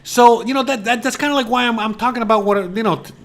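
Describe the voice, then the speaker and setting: Exasperated high-voiced man ranting. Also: fast. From United States. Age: 40s. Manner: rambling, heavy on fillers and restarts. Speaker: host. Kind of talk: casual rant to camera.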